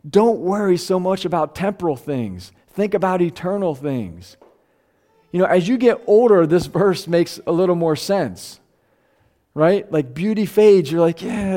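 A man's voice: fairly high pitch, a little mellow. A man preaching a sermon, reading scripture aloud and asking his listeners questions in a conversational way. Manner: conversational, asks the room questions; reads scripture aloud, slowing for emphasis. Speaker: pastor.

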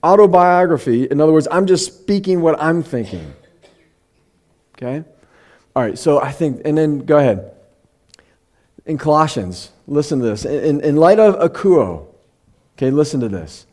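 A middle-aged man preaching a casual, heartfelt sermon to his congregation. His voice moves up and down a lot, and he slows down to read passages aloud. He talks like he is chatting, and now and then he gets emotional. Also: on the high side, animated, a little mellow. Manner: conversational, often gets emotional. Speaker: pastor.

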